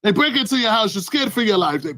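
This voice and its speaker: A man ranting in a political commentary vlog, animated, acting out scenes with loud exclamations. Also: high-pitched, fast, no room sound, low-quality recording.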